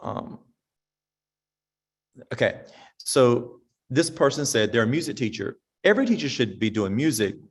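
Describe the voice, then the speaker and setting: A man's voice: medium pitch, animated, unhurried, long pauses, slightly rough. A man, a veteran teacher giving a casual talk to other teachers in a folksy, direct way. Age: 50s. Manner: folksy and direct, acts out parents and sings snippets. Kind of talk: casual conference talk with audience questions. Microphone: online presentation mic.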